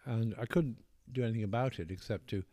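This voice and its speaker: Posh English older man, mellow voice. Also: on the low side, no echo. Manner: measured, hesitant, circles back with restarts. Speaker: author being interviewed. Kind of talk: reflective interview conversation.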